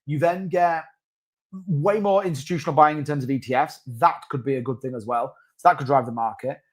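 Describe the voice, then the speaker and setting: A man's voice: on the high side, brisk. A man hosting a crypto livestream, talking casually and rambling with restarts and asides. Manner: rambling, chatty, with many restarts and asides to chat. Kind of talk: casual live-stream market commentary.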